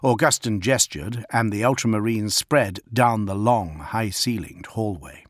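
A man narrating an audiobook in a low, steady, grave voice. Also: a little slow, dry recording, clean studio sound. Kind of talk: dramatic scripted narration.

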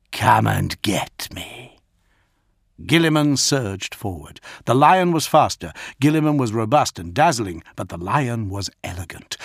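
A man narrating a scripted audiobook in a measured, dramatic reading on a close mic. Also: lowish voice, breathy edge, no echo.

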